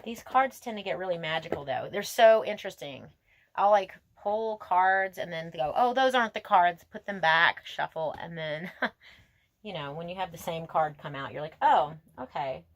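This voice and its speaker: A woman's voice: fairly low pitch, moderate pace, no room sound. Gushing, emotional woman tarot reader. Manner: gushing, emotional, talks to herself, frequent laughs. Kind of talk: casual tarot reading to camera. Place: outdoors.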